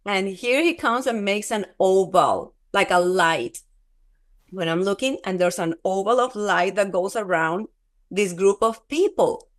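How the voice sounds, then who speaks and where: A woman guest telling a personal testimony in an interview, halting and repeating herself, acting out quoted dialogue as she goes. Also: medium pitch. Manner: halting, repeats words, restarts often; animated retelling with quoted dialogue.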